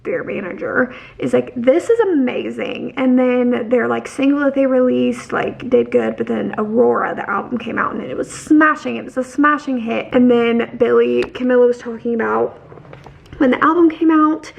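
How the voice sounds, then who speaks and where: A woman's voice: on the high side, normal speed, vocal fry, lo-fi sound. A woman recapping a novel in a casual, rambling way, full of fillers and restarts, and emphatic with her opinions. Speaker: book vlogger.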